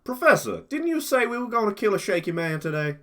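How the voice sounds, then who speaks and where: A man's voice: high voice, big pitch swings, a little fast, sharp tone, voice pushed up, heavily acted. A man voicing a cocky male gunslinger gambler who mocks and taunts his enemies. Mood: taunting. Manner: swaggering, mocking.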